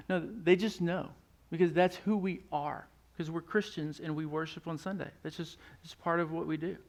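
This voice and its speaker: A man's voice: a little high, steady tone, fairly quick, gravelly, hardly any pauses. A man preaching a sermon as lead pastor, talking in a loose conversational way and often repeating words as he starts a phrase. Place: church stage.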